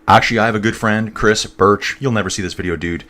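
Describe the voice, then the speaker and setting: A man's voice: lowish voice, steady tone, quick pace, bright, forceful tone. A man giving casual live commentary on a cycling race, chatting and rambling with his viewers. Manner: chatty and rambling, talks to viewers as "guys" and "dude".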